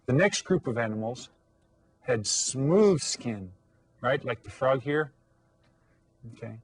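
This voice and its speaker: A male elementary Spanish teacher giving a video lesson to children. He repeats each word slowly, checks that they follow along, and calls out lively classroom commands. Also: mid-range voice, breathy edge. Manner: patient, repeats words slowly and checks understanding.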